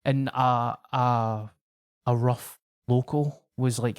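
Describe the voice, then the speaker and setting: A Scottish comedian tells a rowdy story in relaxed, swear-heavy podcast chat, jumping into the voices of the people in it. His voice sits at a middle pitch for a man. The sound is close and dry, with no room echo. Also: slow pace, clear, resonant tone. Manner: animated, swearing, acting out quoted locals. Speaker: guest comedian.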